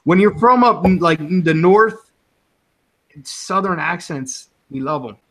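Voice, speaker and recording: A rambling, chatty man from the Philadelphia area hosts a relaxed evening chat with friends. His voice sits a little higher than most men's, and he keeps breaking into laughs as he talks. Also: a little slow. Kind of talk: casual chat.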